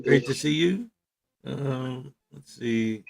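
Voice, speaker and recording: A man hosting a casual livestream, greeting viewers by name, joking and shouting out milestones. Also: medium pitch, slow pace, gravelly, background noise. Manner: jokey, often shouting hype, laughing at his own jokes. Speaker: livestream host.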